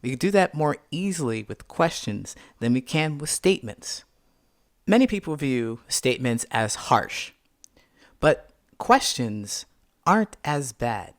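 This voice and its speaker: This man, a podcast host, speaks on the high side in a dry, studio-quality recording. Alone at the mic, he tells a personal story and acts out its scenes, giving voice to the quoted lines.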